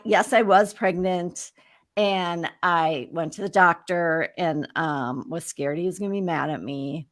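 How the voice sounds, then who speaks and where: A woman's voice: mid-range voice, unhurried. A woman in her fifties, a guest on an interview show, telling her own story candidly and with animation. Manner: animated, candid storyteller who acts out remembered exchanges.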